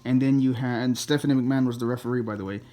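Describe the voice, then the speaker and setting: A man's voice: medium pitch, steady tone, very fast, warm tone. A man talking casually to camera as he reviews his DVD collection, rambling, with many fillers and self-corrections, blunt and a little crude.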